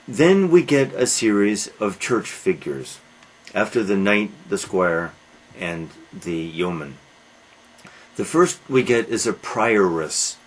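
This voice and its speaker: A man giving a classroom literature lecture, halting with "uh" fillers and posing rhetorical questions he answers himself in a dry way. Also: lowish voice, low-quality recording. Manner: halting, with frequent "uh" fillers and restarts.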